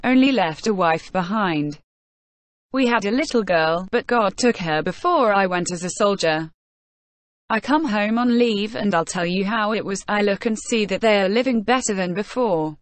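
A gentle, pious old peasant soldier, as a woman reads him spins his homespun sayings in a plain, mid-pitched voice. The sound is close and dry, with no room around it. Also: dry recording, natural voice. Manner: folksy, homespun storytelling.

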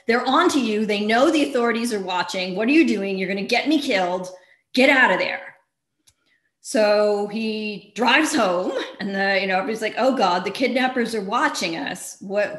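A woman's voice: mid-range voice, a bit bright. A woman author giving a casual library talk, retelling a true-crime case in a chatty way with wry asides and lots of fillers. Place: library event room. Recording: echoey room.

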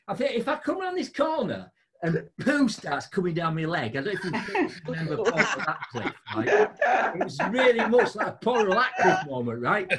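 A man hosting a show, telling a funny story in a casual chat, laughing often. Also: background noise. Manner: animated, laughing storyteller with big pitch jumps. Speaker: podcast host.

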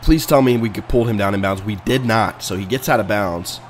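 A man casually commenting on his own video game match, excitable and swinging between low muttering and sudden loud outbursts. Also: brisk, a little hiss or hum. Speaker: video game player and channel host. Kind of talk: casual let's-play commentary.

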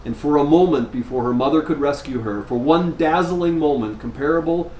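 A male priest giving a sermon, telling a story in an unhurried way with measured pauses. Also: a little high, darkish tone. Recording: echoey room, faint background noise.

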